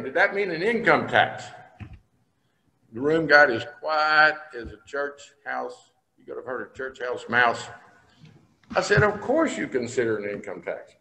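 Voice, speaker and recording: A man's voice: on the high side, fairly bright tone. An older man from Texas, a state senator, telling folksy stories in a speech to a business breakfast. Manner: folksy storytelling, plain-spoken. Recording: long hall reverb.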